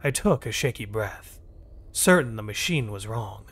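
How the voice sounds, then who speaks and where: A man reading a first-person story aloud, in a measured, tense storytelling manner. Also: mid-range voice, big pitch swings. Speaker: story narrator. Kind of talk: scripted first-person narration.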